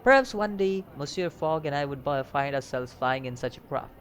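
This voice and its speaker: A man's voice: on the high side, expressive, moderate pace, fairly bright tone, a little hiss or hum. A man reading aloud as a friendly young female airship pilot, with small stumbles.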